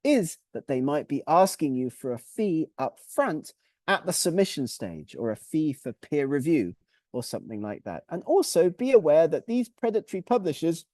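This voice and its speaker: Male webinar presenter with a mellow tone and animated pitch, methodical and clear, dry close sound. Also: normal speed, no room sound. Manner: clear, methodical explaining, with lists and recaps.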